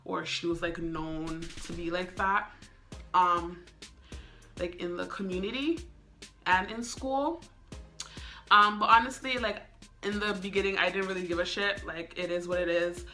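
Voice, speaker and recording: A young woman tells a story in a loose, chatty way, leaning on "like" and "um." Her voice sits a bit low but has a bright, forceful edge. Faint music plays behind her. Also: fairly even intonation, unhurried, long pauses. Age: young adult. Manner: chatty, full of "like" and "um" fillers. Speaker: vlogger. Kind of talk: casual storytime.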